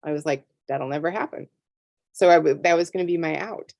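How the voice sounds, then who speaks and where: A woman's voice: fairly low pitch, fairly even intonation, fast talker, gravelly, a little mellow, no room sound. A middle-aged woman, a tarot artist, telling a story in a casual interview and acting out her own reactions. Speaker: tarot deck artist and guest.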